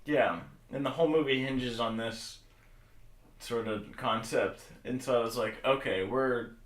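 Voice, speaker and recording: A man co-hosting a podcast, nitpicking a movie in casual chat with joking, deadpan asides. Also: medium pitch, unhurried, reverberant. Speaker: podcast co-host.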